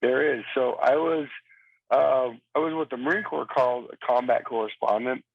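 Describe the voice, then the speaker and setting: A man's voice: medium pitch, moderate pace, vocal fry, a little hiss or hum. A man who served as a Marine, talking as a phone-in guest on a radio interview and telling stories with energy. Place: cabin in Virginia. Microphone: phone line. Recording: tinny phone line.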